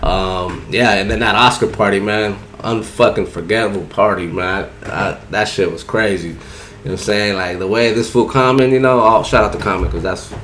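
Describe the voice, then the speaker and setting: A man's voice: fairly low pitch, steady tone, normal speed, a bit bright, a little hiss or hum. A man casually telling a rambling, profane story in heavy slang, often saying "you know what I'm saying". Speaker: barber telling a story on a podcast.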